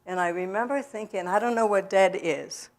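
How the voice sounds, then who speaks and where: A woman speaking in a church, telling her own story to the audience in a halting way, with many pauses and fillers. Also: mid-range voice. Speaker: guest speaker at a recovery event. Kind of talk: personal testimony to a church audience. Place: church sanctuary.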